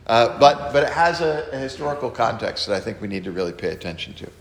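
A man leading an informal Bible study, talking in an animated way with many restarts and acted-out quotes. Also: mid-range voice, quick pace. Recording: echoey room with faint noise.

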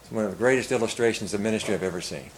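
An older man delivers a sermon in a very low voice, earnest and given to loud swells of emphasis. A faint background hum sits behind him. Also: racing, low-quality recording. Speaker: pastor. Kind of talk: sermon storytelling.

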